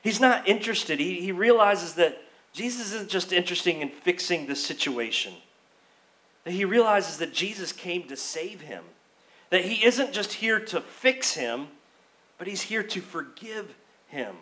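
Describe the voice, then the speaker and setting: A pastor with a notably high voice delivers a sermon. He talks in a loose, conversational way, often acting out quoted pleas. He sounds like he is speaking in a church. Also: lively intonation, a little slow, sharp tone.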